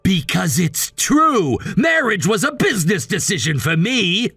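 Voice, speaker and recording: A man voicing a controlling, scornful husband in a text-message story, dismissive and given to shouting. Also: sits high, big pitch swings, measured pace, husky, no room sound, studio quality, faint music behind, full character voice. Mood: angry, scornful. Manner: bossy and dismissive, shouting at times.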